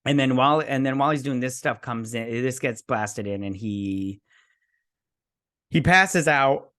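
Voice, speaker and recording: A man's voice: medium pitch, a little slow, a bit bright. A man hosting a casual episode recap and review, rambling through a loose play-by-play and adding his own sound effects. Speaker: host.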